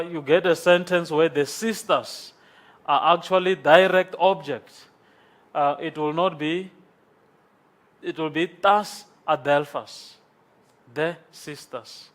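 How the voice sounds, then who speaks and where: In a classroom with a board, a man lectures on Greek, sounding congested from sinus trouble. His voice sits on the high side, steady and a bit bright, and he speaks slowly, patiently repeating each form and asking "okay?"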